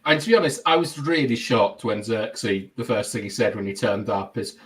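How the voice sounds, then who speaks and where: Podcast host, male, teasing and exasperated, lively up-and-down delivery. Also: fairly low pitch, normal speed. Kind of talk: casual chat.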